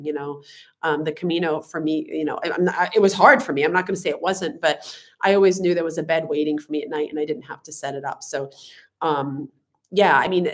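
Congested, sniffly woman chatting. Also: on the low side. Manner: chatty, many fillers and restarts. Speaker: channel co-host. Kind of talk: live-stream chat reading viewer comments.

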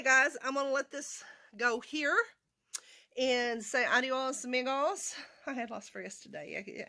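A woman from Arkansas, chatting casually and rambling in her vlog. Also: fairly high pitch. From Arkansas, USA. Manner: rambling, chatty, talks to her cat in a soft baby voice. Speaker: vlogger.

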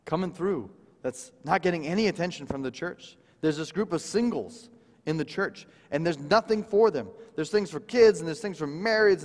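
A man preaching as a guest speaker, telling a story with big swings from loud emphasis to hushed quiet lines. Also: a little high. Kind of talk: sermon storytelling. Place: church sanctuary. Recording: long reverb of a large church hall.

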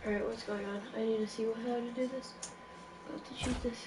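A woman's voice: a little high, fairly even intonation, a little fast, far from the mic. A woman in casual gaming chat who complains in frustration while she plays. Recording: echoey room, off-mic, background noise.

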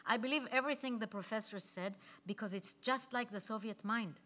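Woman reading fiery arguing lady, insists n repeats herself, bright voice. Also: fairly high pitch, a little fast. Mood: indignant. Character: indignant woman arguing hotly in a kitchen debate.

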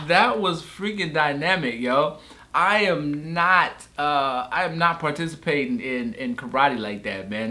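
Animated young man reacting to clips. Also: fairly high pitch, slight background noise. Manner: loud excited exclamations and laughter while watching; slangy, repeats "man" at phrase ends. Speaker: sports reaction channel host. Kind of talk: casual reaction commentary.

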